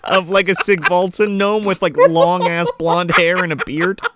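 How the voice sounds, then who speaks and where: A man's voice: sits high, flat delivery, unhurried, heavy background noise. A man co-hosting a casual movie review chat, retelling scenes and acting out the characters' lines. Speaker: podcast co-host.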